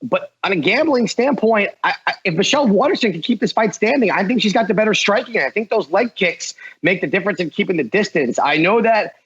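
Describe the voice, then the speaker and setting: A man's voice: high-pitched, expressive, brisk, hardly any pauses, a bit bright, slightly rough, muffled recording. A man giving fight picks as a podcast guest, hedging and thinking aloud before he settles on a choice. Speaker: guest picker. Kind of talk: casual betting picks.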